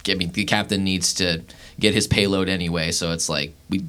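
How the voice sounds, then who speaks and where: A man's voice: sits low, fairly even intonation, brisk, pushed and bright, clear, resonant tone. A man playing a tabletop game as a pirate captain, joking and half in character. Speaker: player. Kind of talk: tabletop role-play.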